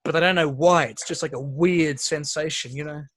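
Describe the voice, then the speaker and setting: Man, podcast co-host, casual sweary chat, slightly high voice. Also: moderate pace. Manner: swears freely, animated storytelling.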